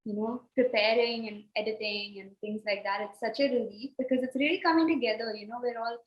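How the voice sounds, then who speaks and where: A woman's voice: on the high side, brisk. A woman co-hosting a podcast, wrapping up in a casual, grateful, rambling way over a video call. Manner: warm, grateful, rambling with fillers. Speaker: podcast co-host. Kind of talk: casual wrap-up talk. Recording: echoey, dull lo-fi call audio.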